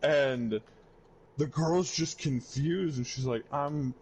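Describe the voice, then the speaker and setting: A man's voice: mid-range voice, a little slow, dull audio, a little hiss or hum. A young man chatting casually on a podcast, telling a long story with lots of fillers and swearing. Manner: rambling storyteller, acts out quoted voices, swears freely. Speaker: podcast host. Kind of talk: casual chat.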